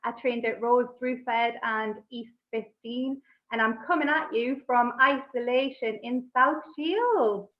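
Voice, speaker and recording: A young woman in her twenties introducing herself on a video call in a measured, friendly way. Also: fairly high pitch. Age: 20s. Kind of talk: casual chat. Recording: dull lo-fi video call audio.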